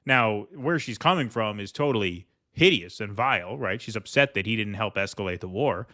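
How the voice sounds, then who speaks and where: A man's voice: fairly low pitch, lively intonation, moderate pace, sharp tone. A man hosting a political commentary show, talking sarcastically and mockingly as he reacts to news clips.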